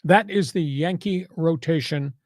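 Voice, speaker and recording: A man's voice: a little high, a little slow, darkish tone, dry recording, clean studio sound. Brash, sarcastic male sports podcast host. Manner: brash, sarcastic, punchy delivery. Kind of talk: casual sports talk.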